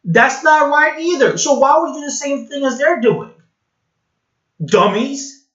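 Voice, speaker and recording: Brief: mocking male vlogger, blunt rant, higher voice, slightly muffled sound. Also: a little slow, fairly bright tone. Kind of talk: sarcastic commentary rant. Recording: dull, roomy home recording.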